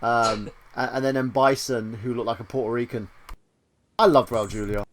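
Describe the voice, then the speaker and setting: A podcast host with a medium-pitched, steady voice talks at normal speed in a casual chat about movies and games. He's crude and joking, often mimicking voices.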